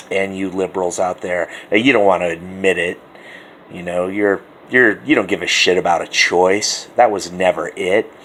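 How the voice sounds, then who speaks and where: A man's voice: deep voice, a bit bright, a little hiss or hum. A man hosting a talk radio show, delivering a profane, sarcastic political rant that taunts his listeners. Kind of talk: ranting political call-in monologue.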